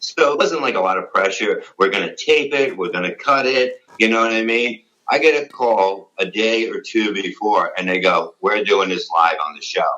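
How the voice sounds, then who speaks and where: A man's voice: on the low side, moderate pace, hardly any pauses, pushed and bright, lo-fi sound. A middle-aged man being interviewed, telling blunt, profane, rambling stories about his radio days. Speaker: interview guest, former radio show staff. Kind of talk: casual interview.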